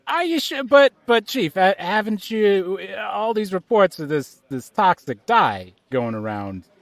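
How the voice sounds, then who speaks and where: A man's voice: big pitch swings, a little slow, no echo, exaggerated voice. A man playing a lazy, bumbling police officer who rambles and stammers in an improv comedy scene. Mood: flustered. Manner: rambling, stammering, jumping up in pitch.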